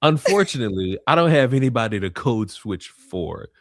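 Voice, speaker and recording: A young man in casual crude banter, deadpan and blunt, swearing freely. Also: mid-range voice, moderate pace, dry recording, clean studio sound. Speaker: co-host.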